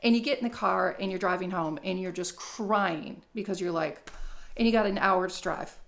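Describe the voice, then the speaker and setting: Gravelly, blunt middle-aged woman. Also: fairly low pitch, normal speed. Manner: blunt, profane, rambling. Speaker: vlogger. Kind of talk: casual comedic monologue.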